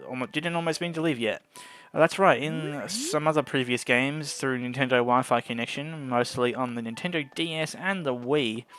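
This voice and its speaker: This is a casual let's-play: a man hosting a gameplay video talks into a desk microphone, chatty and frequently stumbling over his words. His voice sits at a medium pitch and sounds a bit bright.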